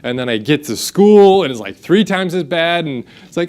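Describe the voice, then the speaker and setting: A man's voice: on the high side, big pitch swings, normal speed, few pauses, darkish tone. A man, preaching a sermon and telling a self-deprecating story that he acts out in quotes. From United States. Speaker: pastor. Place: church sanctuary.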